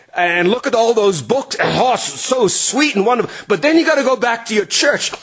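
A middle-aged male pastor preaching earnestly, swinging from emphatic lines to hushed, quiet passages. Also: high-pitched, slightly rough. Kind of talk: sermon.

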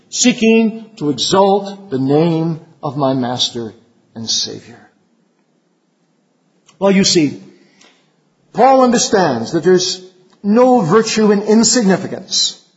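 Earnest high-voiced male preacher, lo-fi. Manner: earnest, dropping low at phrase ends. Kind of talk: sermon to ministers. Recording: dull lo-fi recording.

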